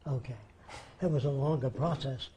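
Older man with a dark, mellow voice. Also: mid-range voice, normal speed, a little hiss or hum. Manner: plain-spoken, anecdotal, acts out quotes. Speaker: interviewee. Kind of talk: storytelling in conversation.

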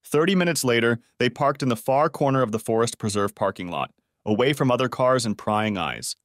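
Guy reading a drama audiobook, expressive, lively pitch, dry close sound. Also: fairly quick, hardly any pauses, no room sound. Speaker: audiobook narrator. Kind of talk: scripted story narration.

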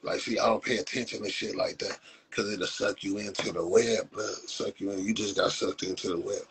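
A man's voice: lowish voice, steady tone, brisk, vocal fry, fairly bright tone, slightly rough, poor audio. A man from Compton in Los hosts a live stream, mocking viewers in profane, casual talk with frequent laughs. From Compton, Los Angeles.

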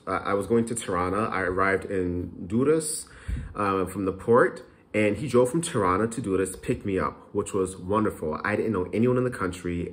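A man with a somewhat low voice talks straight to the camera in a casual, unscripted vlog. He rambles frankly and fills pauses with plenty of ums and uhs. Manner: frank, chatty, rambling with many fillers. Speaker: vlogger.

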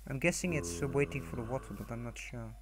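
A man's voice: mid-range voice, quick pace. A young man commenting casually on a video game, reading signs aloud in mock voices and laughing often. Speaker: gamer.

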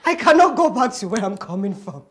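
A jealous rival. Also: female voice, fairly high pitch, very animated, a little fast. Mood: desperate. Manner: combative and pleading. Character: jealous, desperate young woman rival.

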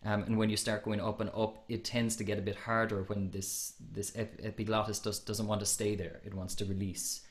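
A man's voice: on the low side, little pitch movement, brisk, hardly any pauses. Man explaining singing technique. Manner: explanatory, many restarts, demonstrates vocal sounds. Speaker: podcast host and voice teacher.

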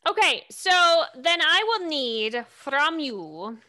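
Bright, unhurried woman game master. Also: sits high, sing-song. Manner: playful, amused. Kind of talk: narrating a tabletop game.

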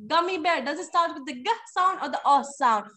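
A woman's voice: sits high, lively intonation, fairly quick, sharp tone. A woman teaching a live online phonics class to young children, encouraging and playful in a sing-song way.

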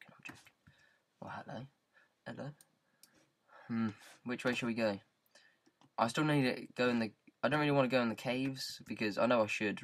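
A gaming YouTuber with a British accent and a fairly low voice rambles casually through gameplay commentary on a headset mic. He messes around and loops words into silly riffs.

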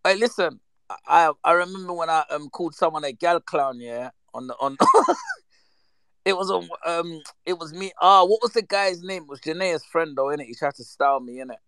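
A man, chatting casually and reminiscing with lively slang, acting out the voices in his stories. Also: a little high, normal speed, smooth, dry recording. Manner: animated, slangy, acts out quoted voices. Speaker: storyteller.

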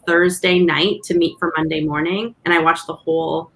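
A woman's voice: on the low side, little pitch movement, normal speed, a bit bright. A woman, a director guest, talking casually and enthusiastically on a panel, laughing as she speaks.

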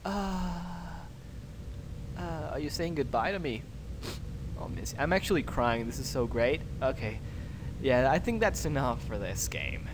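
A man hosting let's play commentary, excitable, cursing freely and yelping when startled. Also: medium pitch, unhurried, background noise. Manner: excitable, swears a lot, yelps when startled. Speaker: gaming channel host.

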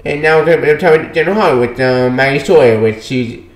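A man casually reviewing a comic book, dismissive and quick to brush off plot points he doesn't care about. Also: medium pitch, roomy sound.

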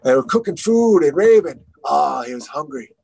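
A man's voice: on the high side, lively intonation, moderate pace, creaky, a little mellow, slightly rough, dry recording, poor audio. A man telling a traditional story with rhythmic, repeating phrases. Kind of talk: oral storytelling.

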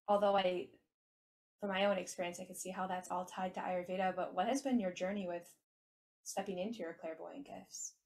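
A woman co-hosting a podcast, asking her guest a question in a curious, measured way. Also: medium pitch, a little mellow. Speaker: podcast co-host. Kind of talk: interview questions.

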